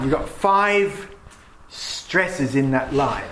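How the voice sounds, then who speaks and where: A man's voice: on the high side, very animated, drawn-out words, bright, forceful tone, a little hiss or hum. A man teaching a class about poetry, reading verse aloud with strong stresses on the key words. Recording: echoey classroom with faint ambience.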